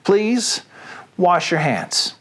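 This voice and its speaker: A man with a Southern US accent talks to his viewers in a jokey, rambling way, hosting his comedic reading show. His voice sits fairly high and swings lively up and down. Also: extremely slow. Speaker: host and reader. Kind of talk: comedic reading and chat to camera.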